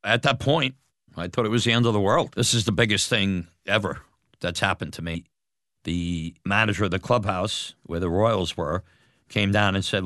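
A middle-aged man recounting an old memory in an interview, animated and acting out the voices of others. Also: low-pitched, moderate pace, no room sound, studio quality. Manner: animated, acts out quoted voices. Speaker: former batboy interviewee. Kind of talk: storytelling interview.

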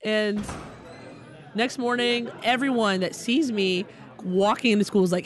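A young adult woman telling a comic personal story in an animated way, acting out the people in it. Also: mid-range voice, measured pace. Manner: animated, acts out other people's voices.

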